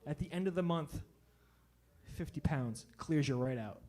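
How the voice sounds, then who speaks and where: A man voicing his smug, preachy fitness-convert buddy in a slow, low, self-satisfied murmur, dropped well below his own voice. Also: mellow, slight background noise, close to an everyday voice.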